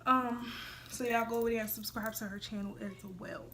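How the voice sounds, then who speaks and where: Young woman vlogger, early 20s, higher-pitched, casual storyteller with a slangy "like" rhythm. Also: steady tone, brisk, slight background noise. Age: young adult. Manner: chatty, says "like" and "y'all" a lot, drops to a hush for quoted thoughts.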